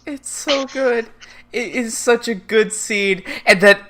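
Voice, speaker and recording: A woman's voice: a little high, slow pace, gravelly. A woman co-hosting a casual podcast chat, eagerly chiming in, agreeing and swearing now and then. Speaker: podcast co-host.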